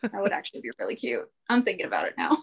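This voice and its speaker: A woman's voice: mid-range voice, very animated, very fast, creaky, slightly rough. A woman guesting on a podcast in casual chat, talkative, with lots of "like" and frequent laughs. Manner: chatty, lots of "like", laughs often.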